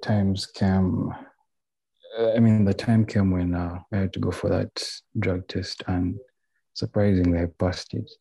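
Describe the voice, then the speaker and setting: Low gravelly husky young man. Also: little pitch movement, mellow, no echo, rough recording. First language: not English. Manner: candid, halting, full of restarts. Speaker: guest telling his story. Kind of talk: personal recovery story. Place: indoors, a library.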